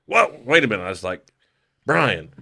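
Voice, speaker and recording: A man's voice: medium pitch, very animated, moderate pace, creaky, pushed and bright, breathy edge. A man on a podcast telling a rambling story, laughing often and swearing freely. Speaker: podcast guest. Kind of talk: casual storytelling.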